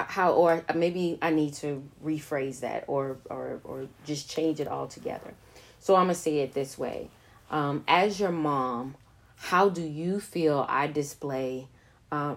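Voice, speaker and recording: A middle-aged woman hosting a casual podcast with her son, talking in a measured, reflective way with fillers and restarts. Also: low voice. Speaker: podcast host.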